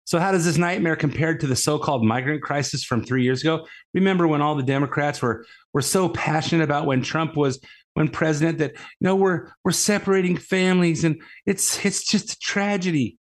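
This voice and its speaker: A man's voice: fairly high pitch, brisk. A man hosting a political commentary show, talking in a casual, rambling way that repeats words and leans on "uh", scornful toward his opponents. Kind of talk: casual opinion monologue.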